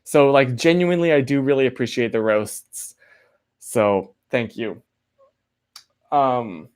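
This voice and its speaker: This young streamer speaks slowly at medium pitch with a clean tone, pausing often. He's playful and apologetic, rambling to his viewers with lots of filler words and reading their chat names out loud.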